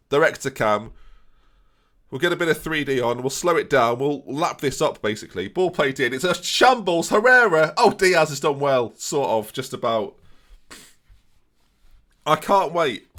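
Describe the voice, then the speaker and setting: A young man giving jokey, excitable live commentary on his game and talking to his viewers. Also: a little high. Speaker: gaming streamer.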